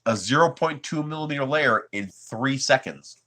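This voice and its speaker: Bright-voiced laid-back American man. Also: mid-range voice, expressive, normal speed. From United States. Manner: laid-back, chuckling, chatting with viewers. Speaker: 3D printing livestream host. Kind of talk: casual livestream chat.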